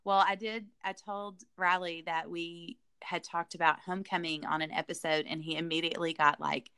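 A woman co-hosting a podcast in relaxed conversation, with a bright, forward tone. She laughs often and lets sentences trail off. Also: on the low side, moderate pace, smooth. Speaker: podcast co-host. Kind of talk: casual chat.

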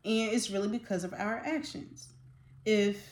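A woman hosts a faith-based talk and speaks with open passion. She drops casual slang as she goes, breaks into quick laughs and builds excitement. The sound is roomy and echoey. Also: mid-range voice. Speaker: podcast host.

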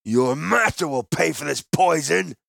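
A man's voice: expressive, vocal fry, no room sound, studio quality, full character voice. A man voicing a fat, furious middle-aged wine merchant who roars and shrieks his words, drawing them out in outrage, in a storybook reading. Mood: outraged. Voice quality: roaring, shrill. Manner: outraged, drawn-out shouting.

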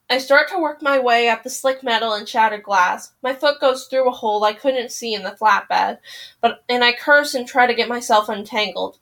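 A woman with a fairly high voice reads a novel aloud for her podcast. Her first-person narration is emotional and expressive. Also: moderate pace.

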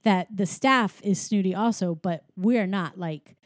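A woman's voice: mid-range voice, a little slow, no echo, studio quality. A woman recapping a film plot in casual chat, rambling with lots of fillers. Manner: rambling, filler-heavy storytelling.

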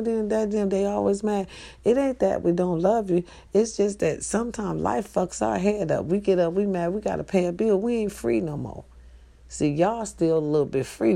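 Gravelly-voiced woman giving blunt advice. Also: low-pitched. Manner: profane, blunt, animated preaching. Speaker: vlogger. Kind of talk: casual advice rant to viewers.

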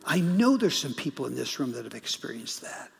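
A middle-aged man, a guest pastor, preaching a sermon as a story, swinging from urgent bursts to hushed, whispered lines. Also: medium pitch, big pitch swings, brisk, creaky, slightly rough, in a large hall. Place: church sanctuary.

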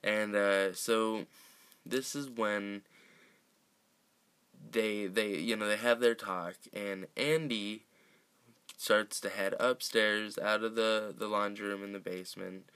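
Slow, bright-voiced man casually recapping. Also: on the low side, fairly even intonation, smooth. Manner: rambling, profane, laughs often, many fillers and restarts. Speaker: movie recap host.

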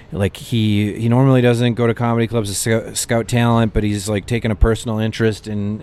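Man telling comedy stories. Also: fairly low pitch. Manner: animated anecdotes with frequent fillers. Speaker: comedian guest. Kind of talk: casual storytelling chat.

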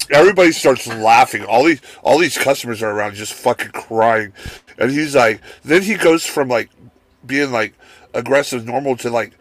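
A man's voice: mid-range voice, moderate pace, no echo. A man telling rowdy work stories on a casual podcast, swearing freely and acting out the people he talks about. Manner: profane, animated, acts out the people in his stories.

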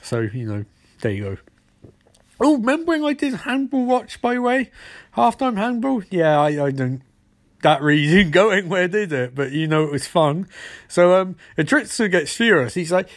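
A man rattles through a comedic recap of a TV episode, full of sarcasm. His voice sits high for a man, and he jumps into the characters' lines as he goes. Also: expressive, moderate pace.

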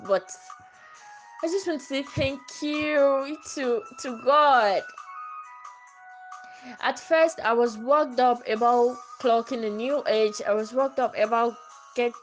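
A woman's voice: high voice, rough recording. A woman hosting a casual solo podcast, talking earnestly and repeating her phrases, her voice slightly stuffy from catarrh. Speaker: podcast host.

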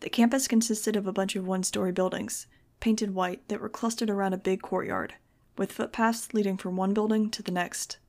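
Gravelly woman narrating with wry sarcasm. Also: medium pitch, fairly even intonation, fairly quick, darkish tone. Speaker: audiobook reader. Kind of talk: first-person novel narration.

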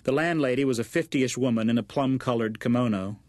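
A man narrates a story in a measured, even way at a middle pitch. The recording is dry and close, with no room sound. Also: no room sound. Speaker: audiobook narrator. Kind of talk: scripted narration.

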